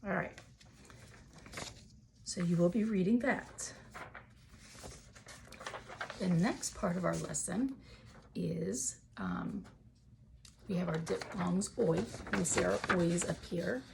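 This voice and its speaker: A woman's voice: fairly low pitch, slow, vocal fry, long pauses, noisy background. A woman teaching a phonics lesson to young children from home, talking in a patient, encouraging way.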